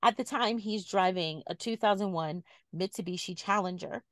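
In a casual podcast conversation, the woman co-hosting recounts a story and laughs often. She uses a mid-range voice at ordinary speed, with no room sound present.

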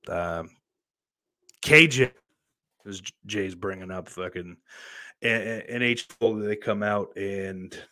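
A man's voice: on the low side, pushed and bright, no echo. A man in his thirties hosting a podcast in a casual, rambling monologue, swearing often and full of fillers. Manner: profane, rambling, heavy on fillers. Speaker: podcast host.

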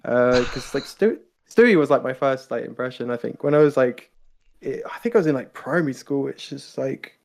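British man, casual guest chat, gravelly voice, rambling with fillers. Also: medium pitch, brisk, a little mellow, a little hiss or hum. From Britain. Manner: chatty, laughs often, many fillers. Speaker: guest impressionist.

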